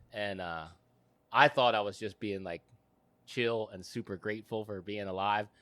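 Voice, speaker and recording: A man with a fairly low voice tells a story in a loose, animated way, full of fillers and bursts of laughter. The sound is dry and close, with no room around it. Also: dry recording. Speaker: podcast guest. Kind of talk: casual storytelling.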